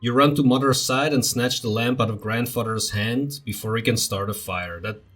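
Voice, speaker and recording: A man's voice: medium pitch, normal speed, a bit bright. Man narrating a story game. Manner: dramatic storybook reading, blunt asides. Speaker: let's play host. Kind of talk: reading game text aloud with casual comments.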